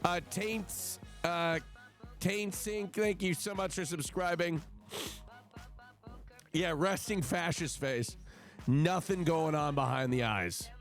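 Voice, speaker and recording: A man's voice: on the high side, slow, long pauses, soft background music. A man livestreaming in casual chat, swearing a lot and swinging into mock outrage, at his home stream setup. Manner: profane, excitable, mock-outraged.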